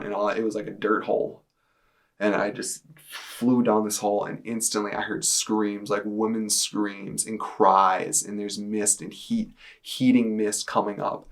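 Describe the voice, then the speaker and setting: A man in his twenties giving a personal testimony to camera, in a casual, halting way with many fillers. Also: fairly low pitch. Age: 20s. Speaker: testimony speaker. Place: indoors, speaking to a camera.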